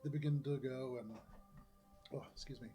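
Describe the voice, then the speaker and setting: A man narrating a tabletop game as game master, describing scenes in a relaxed, vivid way. His voice sits at a middling pitch. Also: normal speed, faint music behind. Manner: descriptive, relaxed, laughs often.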